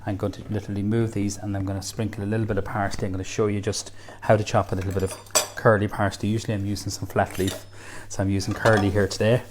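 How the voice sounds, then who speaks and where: A man's voice: fairly low pitch, level tone, fast, hardly any pauses, background noise. An Irish man demonstrating a recipe in a kitchen, chatty and enthusiastic, full of praise for the food. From Ireland. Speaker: cook. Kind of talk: cooking demonstration.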